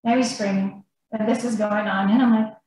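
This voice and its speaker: A woman guest on a podcast telling a rambling story in a casual, animated way. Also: medium pitch, brisk. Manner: animated, rambling, laughs between lines. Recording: very echoey room, faint noise.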